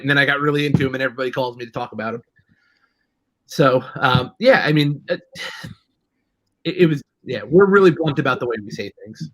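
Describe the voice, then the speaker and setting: A man's voice: medium pitch, a little fast, long pauses, fairly bright tone, no echo, low-quality recording. A man with a New York accent, hosting a casual chat and telling rambling stories with lots of restarts. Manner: rambling, chatty storyteller with many restarts. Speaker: host.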